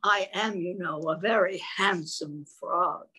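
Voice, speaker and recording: A woman's voice: fairly low pitch, takes it slowly, bright, forceful tone, breathy edge, heavily acted. A woman voicing a curious, eager little male pollywog in a children's storybook. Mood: puzzled.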